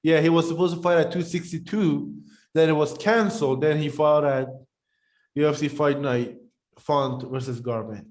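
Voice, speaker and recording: Male podcast co-host, high-pitched, rambling casual chat. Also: normal speed. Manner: rambling, animated, talks while eating.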